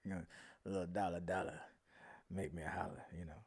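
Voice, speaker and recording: A man hosting a casual live-stream review, rambling and animated, often trailing off into mumbles. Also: low-pitched, brisk, creaky, slightly rough. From Houston, Texas area. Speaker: show host.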